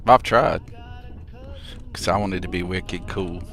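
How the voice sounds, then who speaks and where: A man streaming a game, chatting casually and good-humoredly with his viewers in a relaxed, rambling way. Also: sits low, slow pace. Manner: laid-back, good-humored rambling to chat. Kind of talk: casual live gameplay commentary.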